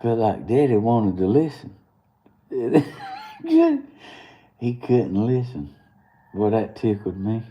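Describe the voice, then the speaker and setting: The audio is muffled as a young man from Georgia, host of a live morning stream, talks a little slowly in a voice on the low side. He chats in a casual Southern manner, telling a wandering story and laughing often.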